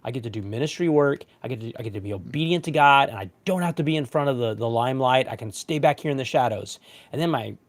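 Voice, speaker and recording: A man's voice: mid-range voice, fast. A man in his thirties, a pastor, telling a personal story in a casual panel discussion, acting out quotes. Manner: animated storytelling, voices quotes.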